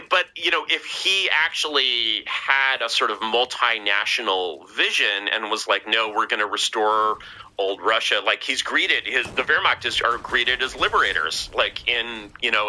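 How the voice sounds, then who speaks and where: A man's voice: mid-range voice, expressive, moderate pace, hardly any pauses, sharp tone, rough recording. A man talking as a podcast guest in casual conversation, rambling with many fillers and restarts.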